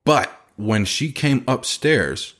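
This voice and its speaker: A man's voice: medium pitch, slow. A man who runs a chimney company telling a casual story, loose and rambling, with many fillers and restarts. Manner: lively, acts out other people's lines in changed voices.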